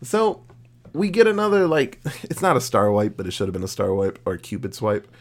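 A man co-hosting a podcast, casually recapping a horror movie plot with lots of swearing and jokes, slipping into quick voices for the characters. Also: medium pitch, very animated. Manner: profane, jokey, acts out characters mid-recap. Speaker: podcast co-host.

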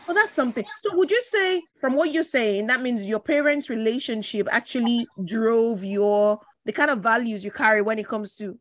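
A woman hosting a podcast interview, probing with questions, teasing her guest, and jumping in with quick reactions. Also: on the high side, no room sound. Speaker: podcast host. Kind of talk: conversational interview.

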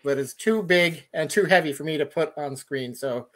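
Higher-voiced man guest on a call. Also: normal speed, slight background noise. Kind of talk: casual chat.

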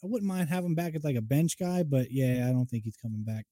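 A male podcast co-host with a deep, mellow tone, recorded dry and close. He laughs easily and stumbles through his words in relaxed banter. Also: fast, no room sound. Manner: laughing often, hesitant.

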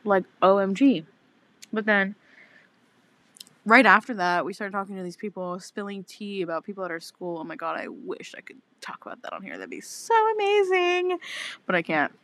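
A young woman in her twenties co-hosting a podcast, telling a story in casual, animated chat with lots of swearing and acted-out quotes. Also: mid-range voice, normal speed, no room sound. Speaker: podcast co-host.

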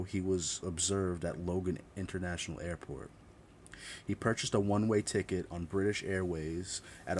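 A man's voice: sits low, slight background noise. A man narrating a true-crime story who reads steadily, corrects his own slips, and breaks into blunt, profane asides.

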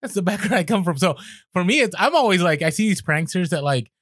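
A man co-hosting a podcast, talking casually in an animated, slangy way with many fillers. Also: high voice, fast, no echo, studio quality. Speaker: podcast co-host.

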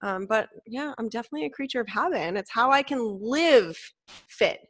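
Blunt, fast-swearing young woman podcaster. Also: on the high side, expressive. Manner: blunt, swears freely, emphatic. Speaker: podcast co-host. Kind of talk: casual chat.

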